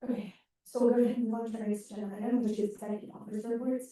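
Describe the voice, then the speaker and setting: A young woman facilitating a student meeting, speaking in an apologetic, halting way with frequent restarts. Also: fairly high pitch, fairly even intonation, warm tone. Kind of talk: formal meeting remarks. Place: large meeting hall. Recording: echoey room from far off.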